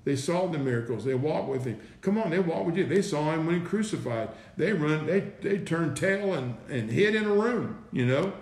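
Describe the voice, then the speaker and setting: A preacher delivers an informal, conversational sermon in an echoey room, repeating phrases, asking rhetorical questions, and saying "right?" and "listen." His expressive voice is a little high for a man and slightly mellow, moving at a moderate pace with few pauses.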